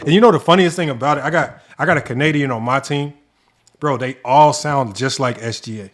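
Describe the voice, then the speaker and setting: An animated man on a casual sports talk show, telling stories and laughing as he goes. He talks like a coach and swears freely. His voice sits at an ordinary middle pitch. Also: a little fast. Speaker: basketball coach and podcast co-host.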